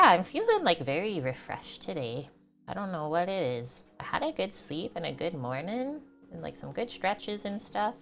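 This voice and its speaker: Lady cooking on stream, laughs a lot, answers chat, pitch bounces all over. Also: vocal fry, a bit bright. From Canada. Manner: chatty, laughs often, answers viewer chat. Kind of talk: casual livestream chat while cooking.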